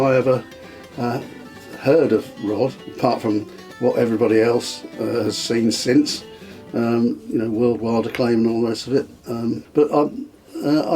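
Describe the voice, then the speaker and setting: A man's voice: mid-range voice, warm tone. An older man reminiscing in a casual interview, hesitant with frequent ums and restarts, chuckling now and then. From England. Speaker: interviewee, the host's father.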